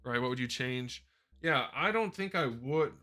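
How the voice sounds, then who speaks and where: A man hosts a casual live Q&A stream, answering viewer questions into a desk microphone in a rambling, self-correcting way, with faint music in the background. His mid-range voice is animated, pushed and bright, at a moderate pace.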